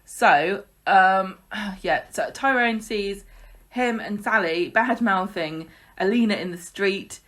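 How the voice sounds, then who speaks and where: A woman's voice: mid-range voice, slow pace, fairly bright tone. A woman co-hosting a podcast, recapping a soap in casual, sarcastic chat. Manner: sarcastic, chatty recapping with laughs. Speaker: podcast co-host.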